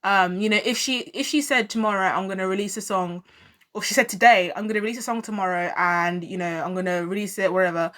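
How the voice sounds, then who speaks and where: A woman's voice: medium pitch, fairly even intonation, quick pace, fairly bright tone. A woman, giving chatty, opinionated commentary in a vlog and repeating herself for emphasis. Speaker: music commentary vlogger.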